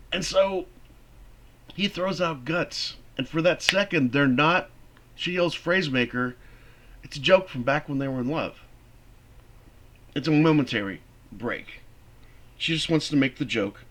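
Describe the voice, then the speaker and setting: Man giving a lively theater lecture. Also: mid-range voice, moderate pace, pauses often. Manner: animated, conversational explaining. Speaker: theater teacher. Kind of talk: classroom lecture.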